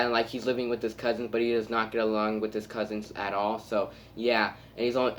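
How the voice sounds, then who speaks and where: A man's voice: on the low side, slight background noise. A man giving a casual spoken movie review, rambling and enthusiastic, full of filler words and restarts.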